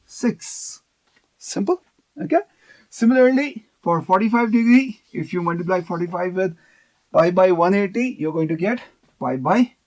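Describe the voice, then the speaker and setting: A man's voice: high-pitched, darkish tone. A man teaching a math lesson on video, explaining step by step and often checking in with "okay".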